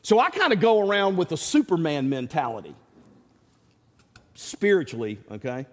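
Folksy preacher in a reverberant hall. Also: male voice, fairly high pitch, huge pitch swings, normal speed, pauses often. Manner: folksy, storytelling, acts out quoted voices. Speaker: pastor. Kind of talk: sermon.

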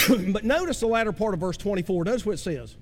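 A man's voice: expressive, fairly bright tone. Pastor guy giving a sermon in a church, voice rings out in a big echoey hall. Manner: rising to impassioned cries, then dropping low and slow. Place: church sanctuary. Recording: long hall reverb.

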